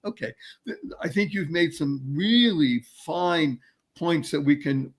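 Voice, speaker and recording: A man hosting a live panel webinar, talking in a halting, thoughtful way with gentle jokes over a video call. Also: a little high. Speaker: webinar host and panel moderator.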